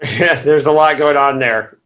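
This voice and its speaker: Man, podcast co-host, casual book talk, relaxed, hesitant. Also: mid-range voice, a little slow.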